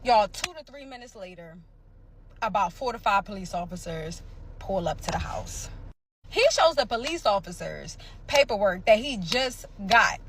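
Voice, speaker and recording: A woman from Pennsylvania telling her own story in a casual vlog, emphatic and animated, repeating phrases and acting out sounds. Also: medium pitch, moderate pace, a little hiss or hum. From Pennsylvania, USA.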